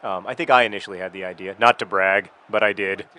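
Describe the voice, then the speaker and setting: A man's voice: on the low side, fairly even intonation, fast, bright, forceful tone. A man chatting casually about his past while playing a video game, rambling and breaking off into frustrated outbursts at the game. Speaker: video blogger.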